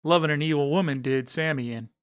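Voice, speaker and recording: A man reading the lines of an easygoing, wisecracking middle-aged male climber in a relaxed, joking way. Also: on the high side, fast talker, smooth, no echo, clean studio sound, natural voice. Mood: reminiscing.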